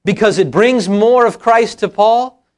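High-voiced man preaching earnestly. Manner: earnest, emphatic preaching that slows on scripture quotes. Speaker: pastor. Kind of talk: sermon. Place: church sanctuary.

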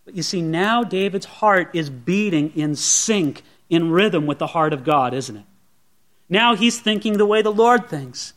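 A man's voice: high voice, animated, unhurried, a bit bright. A pastor preaching a sermon to his congregation in an earnest, conversational way, often asking rhetorical questions.

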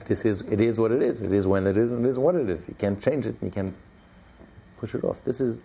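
Gravelly low-voiced man teaching. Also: fast talker, warm tone. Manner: emphatic, repetitive, conversational teaching with many fillers. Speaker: Torah class teacher. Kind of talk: religious lecture to a class.

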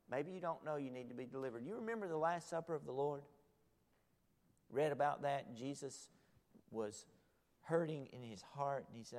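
A man preaching a sermon as a pastor, moving between loud urgent pleas and hushed, pleading asides. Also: on the high side, very animated, moderate pace. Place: church sanctuary. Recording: long reverb of a large hall.

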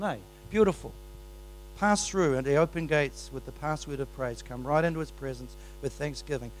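A man preaching a sermon in a church, exuberant, swinging between soft asides and loud, excited bursts. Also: medium pitch, a little hiss or hum, poor audio.

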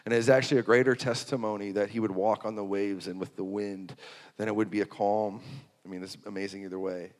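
A man preaching a sermon, swinging from hushed to loud and repeating phrases for emphasis. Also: on the low side, fairly even intonation, fast. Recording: long hall reverb.

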